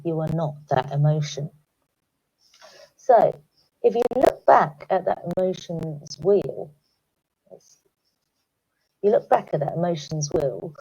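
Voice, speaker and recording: Woman, education speaker, slow and gravelly, warm low tone, dull lo-fi audio. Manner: calm, reflective, guiding listeners through questions. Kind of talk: recorded talk to teachers. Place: home, recorded remotely.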